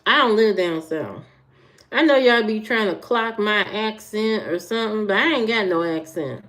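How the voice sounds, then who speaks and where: Hosting a livestream, a woman from the American Midwest talks informally with viewers, answering their comments and greeting people in chat by name, often saying things more than once. She speaks at a normal speed in a medium-pitched, slightly bright voice.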